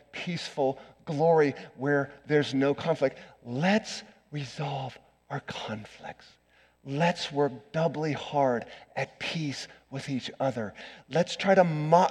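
A middle-aged man preaching an earnest sermon as pastor, swinging from loud emphasis to hushed asides. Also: on the high side. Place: church sanctuary. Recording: long church reverb.

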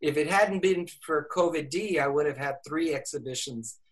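A man's voice: a little high, moderate pace. An older man, an English professor, telling a story in an interview with lots of fillers and restarts. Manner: animated, laughing, many fillers and restarts.

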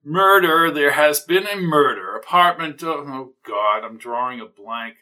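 Male narrator as a prim, irritable older gentleman, bright, precise and exasperated. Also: fairly high pitch, slow, far from the mic. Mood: flustered. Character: fussy, irritable older man neighbor.

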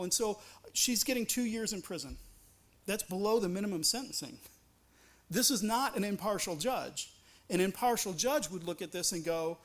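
A man delivers a sermon in a notably high voice. He talks to the congregation conversationally and earnestly, restarts his phrases often, and leans on rhetorical questions. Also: lively intonation, moderate pace. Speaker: pastor.

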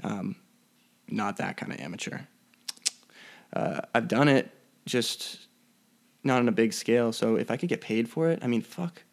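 Gravelly, profane young podcaster. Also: male voice, mid-range voice. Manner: profane, rambling, mock-threatening. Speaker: podcast host. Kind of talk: casual solo podcast rant. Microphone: podcast mic.

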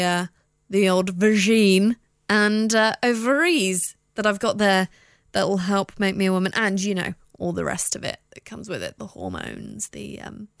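A young woman hosting her own podcast in casual chat, blunt, sweary and quick to laugh. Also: mid-range voice, no room sound, clean studio sound. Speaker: podcast and radio host. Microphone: studio microphone.

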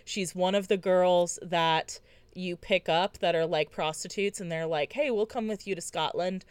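A woman co-hosting a podcast, walking through story options in a relaxed casual chat while thinking aloud. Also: fairly low pitch, normal speed, clear, resonant tone, dry recording. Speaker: podcast co-host. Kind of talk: casual book-discussion chat.

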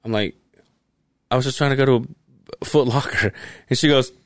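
A middle-aged man hosting a podcast who tells a long story in a casual, animated way, swearing often and laughing as he goes. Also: mid-range voice, brisk, no room sound, studio quality. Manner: animated, profane, laughs while telling stories. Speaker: podcast host.

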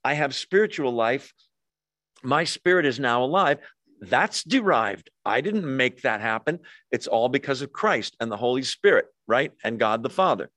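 A man's voice: mid-range voice, lively intonation, normal speed, sharp tone, no echo. A man preaching a sermon in a conversational way, often putting questions to his listeners. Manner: conversational, asks the audience questions. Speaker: pastor.

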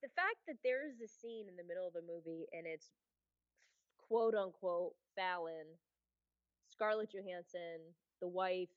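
A woman's voice: fairly low pitch, measured pace, clean tone, dry recording. A woman telling stories in a casual film discussion, chatty and laughing as she talks. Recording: slightly muffled, lo-fi sound.

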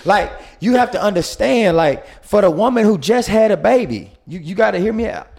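A man's voice: high voice, lively intonation, moderate pace, vocal fry, darkish tone. A man in a casual group debate, lecturing with examples and insisting that the others hear him out. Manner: insistent, keeps cutting in to be heard.

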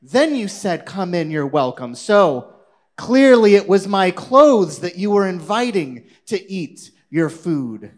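Herschel, a humble, clever man, voiced by a male storyteller calmly explains his point with measured deliberateness. The voice sits fairly high and close to the teller's own, in a told children's story.

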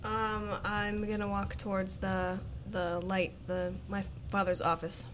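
A woman's voice: medium pitch, flat delivery, measured pace, a bit bright, slight background noise. A woman playing a character in a tabletop role-playing game, casually stating her character's actions. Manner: casual, declares actions in first person. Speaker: player.

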